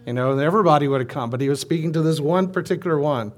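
A man's voice: on the high side, rapid-fire. A man preaching a sermon, retelling a story in a conversational way with asides.

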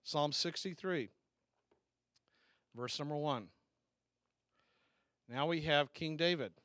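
A man's voice: fairly high pitch, a bit bright, no echo, clean studio sound. A man from the South, preaching a sermon in a conversational way, asking the congregation questions and restarting his sentences. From American South. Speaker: pastor.

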